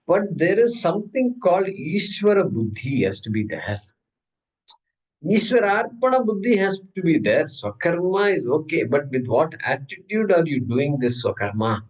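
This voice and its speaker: A man's voice: fairly high pitch, low-quality recording. A man teaches an informal scripture class. He talks in a loose, joking way and poses questions to the room before answering them himself. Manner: humorous, conversational, asks and answers his own questions. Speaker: Gita teacher.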